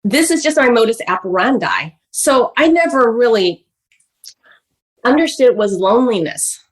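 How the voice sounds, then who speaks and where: A woman guest on a podcast, telling her life story in an animated, chatty way full of "like" and "you know". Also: a little high, normal speed. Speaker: guest author. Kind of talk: personal storytelling in a podcast interview.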